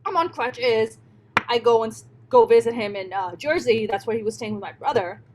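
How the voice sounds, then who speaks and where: A woman's voice: on the high side, normal speed, background noise. A woman comedian telling a personal story in an interview, blunt and emphatic, swearing often. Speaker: stand-up comedian, guest.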